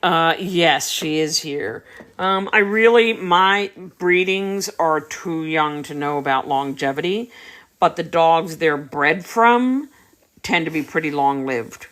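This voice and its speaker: A woman's voice: deep voice, takes it slowly, a bit bright. A woman dog breeder chatting casually on a livestream, answering viewer comments while tending puppies.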